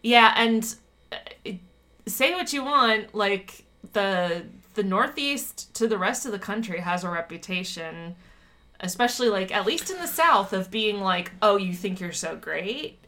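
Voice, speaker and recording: Woman, bright, animated voice, chatty podcast co-host, laughs a lot. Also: medium pitch, measured pace. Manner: chatty, laughs often, lively asides. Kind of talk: casual chat.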